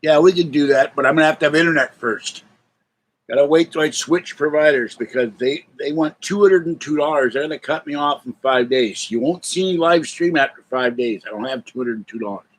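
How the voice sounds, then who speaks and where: A man's voice: fairly high pitch, a little fast, rough recording. An older man chatting casually on a live stream from home, rambling between answers and cooing at his cats.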